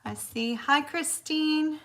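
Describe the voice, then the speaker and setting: A woman's voice: high voice, slow pace, a bit bright. A woman hosting a tarot livestream from her apartment, chatting casually, greeting viewers by name and laughing often.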